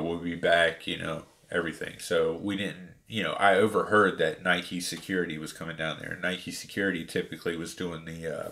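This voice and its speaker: A man casually retelling a story about buying sneakers, animated and full of fillers. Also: deep voice, gravelly. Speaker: sneaker reviewer.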